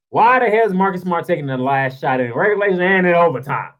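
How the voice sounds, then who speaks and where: A man's voice: sits high, expressive, fast, few pauses, a bit bright, low-quality recording. Fired-up man ranting about basketball. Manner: fired-up, heated and sarcastic, with rhetorical questions; informal, slangy speech. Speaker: sports show host. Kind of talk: sports commentary rant.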